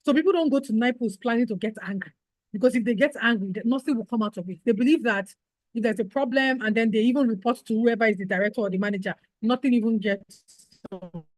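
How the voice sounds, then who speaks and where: A woman's voice: on the high side, fast, no echo, low-quality recording. A woman giving a customer service training lecture, acting out exchanges between staff and customers. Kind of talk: workshop lecture.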